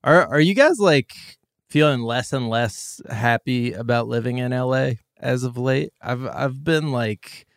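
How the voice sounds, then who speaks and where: A man hosting a podcast in casual chat, wry and swearing casually, with a gravelly voice. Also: mid-range voice, unhurried, dry recording, clean studio sound. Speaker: podcast host.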